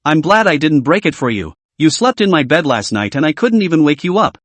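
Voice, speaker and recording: A man voicing a proud young woman boss, scolding, fairly high, dry sound. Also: very animated, a little fast, fairly bright tone, no echo. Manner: snapping, scolding. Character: young woman CEO, proud and quick-tempered.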